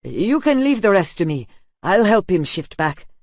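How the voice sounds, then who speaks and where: A man voicing a burly father of a shapeshifter boy, speaking loudly and eagerly for an audiobook. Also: high-pitched, big pitch swings, normal speed, dry recording, clean studio sound, pitched above the performer's own voice. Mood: hurried. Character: excited burly father of a young shifter boy.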